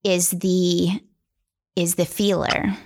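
A woman's voice: fairly low pitch, flat delivery, slow, a little mellow. A middle-aged woman talking in a casual conversation, earnest and thoughtful, explaining things in long run-on sentences.

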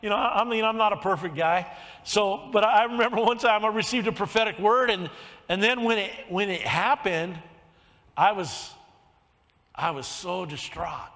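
Older male pastor, strikingly high voice, preaching in a reverberant church hall, with soft lines and shouted emphasis. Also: normal speed. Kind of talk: sermon.

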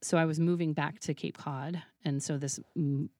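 Lively woman telling a story, laughing. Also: low-pitched, normal speed, no room sound, studio quality. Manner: animated, laughs often, acts out quoted dialogue. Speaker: podcast guest, burlesque troupe founder. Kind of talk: casual interview storytelling.

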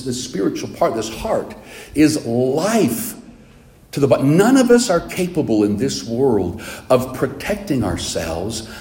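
A male preacher with a medium-pitched, mellow, relaxed voice gives a sermon in an animated storytelling style. The sound echoes as if in a roomy space.

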